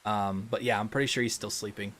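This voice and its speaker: A man's voice: lowish voice, brisk, a little hiss or hum. Rambling young man hosting a game stream. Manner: relaxed, rambling, frequent ums and restarts. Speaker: gaming livestream host. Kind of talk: casual livestream chat reading super chats.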